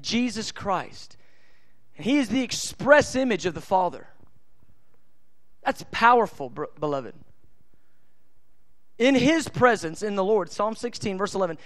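A male preacher delivering an impassioned sermon, emphatic and mixing scripture with casual, colloquial asides. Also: high-pitched.

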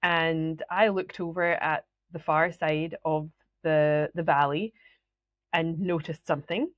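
A Scottish woman hosts a solo podcast, telling stories in a chatty manner, laughing often and acting out the voices she quotes. Her voice sits low with fairly even intonation, she takes her time, and there's no echo.

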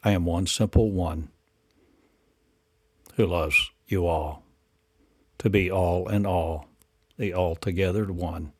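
A man's voice: low-pitched, steady tone, takes it slowly, pauses often, a little mellow, husky, no echo. A man delivering a rambling spiritual monologue in incantatory, repetitive declarations and rhetorical questions.

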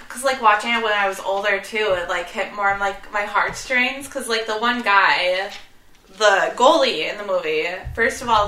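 A woman co-hosts a podcast, chatting casually about movies in a mid-range, sharp-toned voice. Her talk is loose and peppered with "like." The room sounds echoey.

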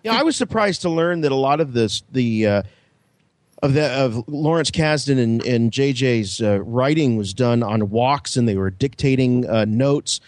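A man co-hosting a podcast, speaking haltingly and searching for his words. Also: mid-range voice, lively intonation, darkish tone, dry recording. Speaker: podcast co-host. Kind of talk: casual podcast interview.

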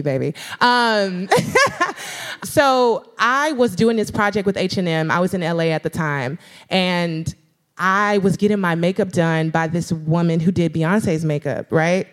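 A young woman tells her own story on a live stage, casual and slangy, peppering her talk with "like" and "girl." She keeps jumping into lively voices to quote herself and others, her pitch sitting in an ordinary middle range between those bursts. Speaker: guest speaker. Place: live stage event before an audience.

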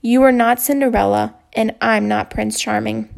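A woman voicing a gentle, patient female school counselor who speaks softly and reassuringly. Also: fairly high pitch, fairly even intonation, normal speed, gravelly. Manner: soft, reassuring.

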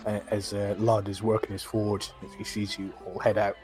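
A man's voice: on the low side, level tone, normal speed, a little mellow. A man narrating a tabletop fantasy game as game master, rambling and full of fillers.

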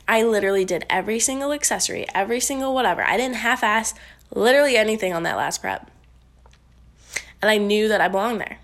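A woman's voice: mid-range voice, gravelly, fairly bright tone. A woman powerlifter talking casually to camera, rambling with lots of fillers and swearing, a little congested. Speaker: powerlifter vlogger. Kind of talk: casual talking-head vlog.

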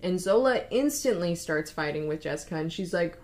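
A woman's voice: moderate pace, few pauses. Young woman retelling a wild story. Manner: lively, acts out quotes with shifting pitch. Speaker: podcast co-host. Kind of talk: casual storytelling recap.

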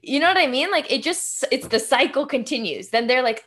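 A woman's voice: sits high, animated, brisk, fairly bright tone. A woman in casual conversation who reflects aloud in long run-on sentences. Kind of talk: casual chat.

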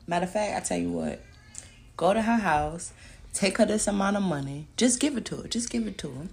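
A woman hosting a podcast, talking in a casual, profane monologue that swings between loud emphatic outbursts and muttered asides. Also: mid-range voice, expressive, a little fast, gravelly, slight background noise. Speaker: podcast host.

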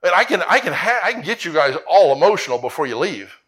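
A man's voice: a little high, big pitch swings, fast talker, fairly bright tone, husky. A male pastor preaching a sermon with earnest, repetitive emphasis that climbs to emphatic peaks. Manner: earnest, repeats himself, rising to emphatic peaks.

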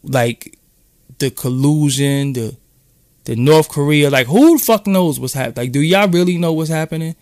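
A man's voice: fairly high pitch, normal speed, darkish tone, no echo. Profane Brooklyn man, dry close mic. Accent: New York. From Brooklyn, New York. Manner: loose, profane, rambling street talk. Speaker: podcast host. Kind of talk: casual live-stream chat.

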